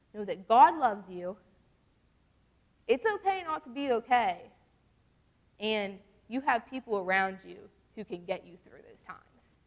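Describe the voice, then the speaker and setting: A young adult woman teaching a youth group in a casual, earnest way, reading scripture slowly between chatty remarks. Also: medium pitch. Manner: earnest, conversational, reads verses slowly.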